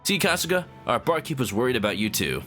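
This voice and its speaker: A man voicing a stoic male yakuza hero in a flat, low, deadpan way. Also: fast talker, faint music behind.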